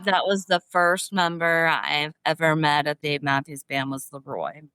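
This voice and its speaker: A middle-aged woman, a podcast guest, telling stories in an animated, expressive way. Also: sits low, measured pace, smooth, no echo. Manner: animated, expressive, often laughing. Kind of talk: emotional storytelling.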